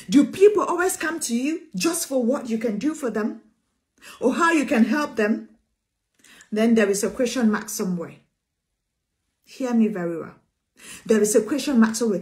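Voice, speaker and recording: High-voiced emphatic woman preacher. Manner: emphatic, repeats phrases, calls listeners sweetheart. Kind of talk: sermon.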